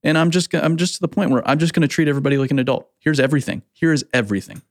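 A man's voice: on the high side, rapid-fire, no echo, studio quality. A man hosting a casual company podcast, speaking bluntly as a founder and repeating his points for emphasis.

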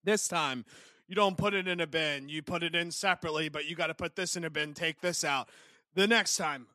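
A man's voice: sits high, expressive, normal speed, pushed and bright, no echo, studio quality. A man co-hosting a podcast, ranting animatedly in casual chat with heavy swearing. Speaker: podcast co-host.

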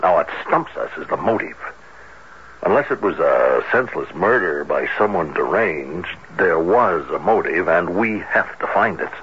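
An actor playing a probing police captain in an old-time radio drama, brisk and plainspoken as he questions a witness. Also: deep voice, animated, fairly bright tone. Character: probing middle-aged male police captain. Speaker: police detective. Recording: dull lo-fi radio broadcast with faint hiss.

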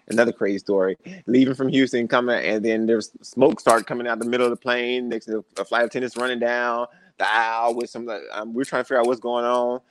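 A man's voice: mid-range voice, fairly quick, a little hiss or hum. A young adult man, a podcast guest, telling stories in a casual interview and acting out the voices of the people in them. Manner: animated storyteller, acts out quoted voices.

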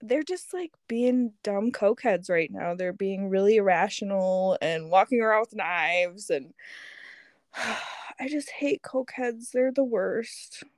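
A woman's voice: medium pitch, lively intonation, unhurried, no echo, studio quality. A woman telling a story in a casual chat, laughing often as she talks. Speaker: guest.

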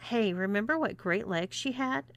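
A smug grown-up mean girl purrs her lines, as a woman narrator voices her. Her voice sits at a middle pitch. She sounds mocking in a spoken storybook. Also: lively intonation, normal speed, natural voice. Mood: teasing. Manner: purring. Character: tall blonde woman, purring mean girl.

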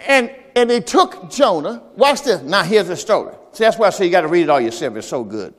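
High-voiced preacher guy, super lively, swings up to shouting, church echo all around. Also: fairly quick, hardly any pauses. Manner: animated storytelling, acting out Bible characters, shouting peaks. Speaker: pastor. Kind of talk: sermon. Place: church service.

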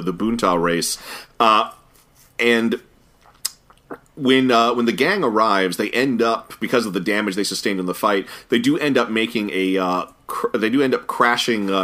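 A man co-hosting a podcast, chatting casually about an animated episode in a thoughtful way with frequent fillers and restarts. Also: fairly low pitch. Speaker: podcast co-host. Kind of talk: casual review chat.

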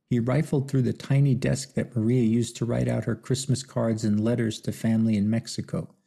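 A man narrating an audiobook in a measured, somber storytelling manner. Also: lowish voice, gravelly, warm tone, husky. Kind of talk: scripted narration.

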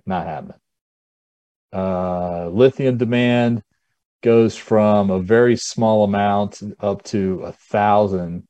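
A man with a mellow, dark voice talks as a podcast guest, blunt and quick to chuckle. He goes through figures in a casual, offhand way. The recording is dry and close. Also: on the low side, dry recording. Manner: chuckles often, blunt, walks through charts. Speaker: guest financial expert.

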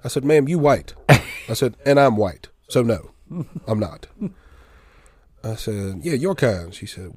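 A man, telling a long story in casual podcast chat and acting out both sides of the quarrel in a drawling, deadpan way. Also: mid-range voice, moderate pace, husky, no echo, studio quality. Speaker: podcast co-host.

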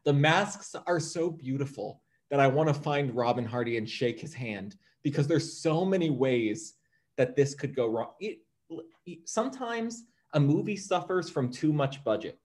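A man's voice: on the high side, expressive, moderate pace. Emphatic man co-hosting from home. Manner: emphatic, enthusiastic. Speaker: podcast co-host. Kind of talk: casual film discussion. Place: home apartment.

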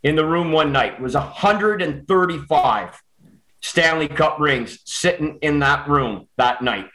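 A Canadian man telling a personal story in casual chat, animated and quick with restarts. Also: a little high, poor audio.

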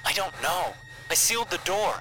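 Man putting on a high soft woman astronaut voice, panicked, stammering, music behind. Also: big pitch swings, moderate pace. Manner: anxious, stammering. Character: female astronaut, frightened and desperate. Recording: loud background music.

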